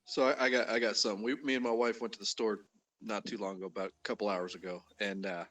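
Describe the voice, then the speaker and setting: A married man from Utah telling a casual, animated story, jumping much higher in pitch when he quotes someone. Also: fast, far from the mic. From Utah, USA.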